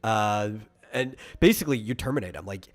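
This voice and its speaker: A man's voice: on the low side, lively intonation, a little fast. A man co-hosting a podcast who chats casually, explains his take and answers listener comments. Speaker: podcast co-host. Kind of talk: casual chat.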